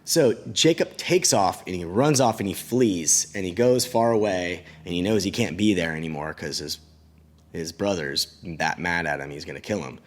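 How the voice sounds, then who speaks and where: A man who teaches children at church, retelling a Bible story in a casual, animated way with chatty asides. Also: sits low, moderate pace.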